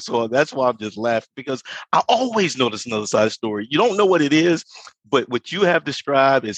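Playful, lively-voiced male host. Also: mid-range voice, a little fast, no echo. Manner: playful, laughing, teasing. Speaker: podcast host. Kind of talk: casual interview.

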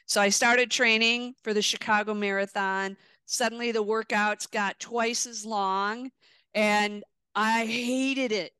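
A woman guest on a podcast, a retired athlete, telling her story with lively, acted-out reactions. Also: mid-range voice, clean tone, dry recording. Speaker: guest, retired wheelchair racer.

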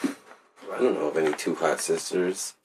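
A man's voice: rumbling low, measured pace, vocal fry, a little hiss or hum. A man co-hosting a podcast in casual banter, with crude jokes and teasing jabs at his friend. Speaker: podcast co-host.

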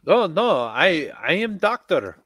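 Henry, a man playing a halting stranded doctor. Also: on the high side, very animated, heavy background noise, pitched above the performer's own voice. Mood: earnest. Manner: broken, halting speech. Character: male stranded doctor, earnest, halting English.

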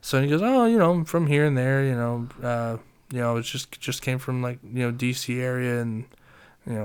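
A young man casually telling a story, swearing often and loudly acting out his friends' lines. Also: mid-range voice, animated, moderate pace, smooth. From Reading, Pennsylvania.

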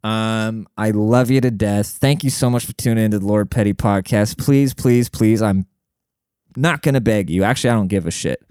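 A man hosting a solo podcast in a brash, rambling, profane way, full of fillers, jumping up in pitch when he quotes people. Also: moderate pace, darkish tone, clean tone, dry recording, studio quality. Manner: jumps high in pitch when acting out quotes. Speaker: podcast host. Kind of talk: casual solo podcast monologue.

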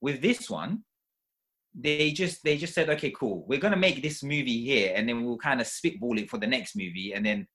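A man in casual podcast chat, ranting animatedly and getting loud when annoyed. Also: on the high side, very animated, moderate pace, gravelly.

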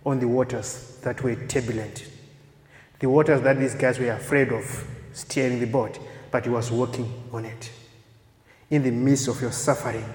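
A man preaching a sermon, emphatic and repetitive, swinging from loud peaks to soft, quiet phrases. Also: mid-range voice. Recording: echoey hall with long reverb.

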